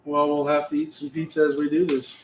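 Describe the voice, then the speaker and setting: Relaxed man livestreaming from an echoey room. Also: on the high side, fast talker. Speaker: livestream host, dumpster rental owner. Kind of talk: casual livestream chat while working. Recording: echoey room with faint noise.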